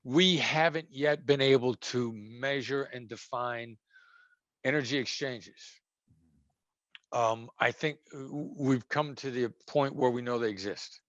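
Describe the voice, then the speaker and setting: A man being interviewed as a former hostage negotiator, talking conversationally and acting out tones of voice that move between gentle and sharp. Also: mid-range voice, measured pace, no echo, highs cut off.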